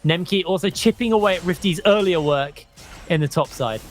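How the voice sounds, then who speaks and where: Energetic esports play-by-play man. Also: high voice, soft background music. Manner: quick, energetic play calling. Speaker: play-by-play caster.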